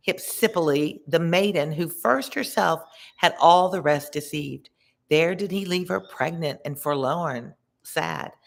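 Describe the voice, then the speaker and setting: A woman tutor reading an old poem aloud, stopping for chatty asides that explain words. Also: low-pitched. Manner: reads slowly with chatty word-explaining asides. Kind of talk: read-along with spoken asides.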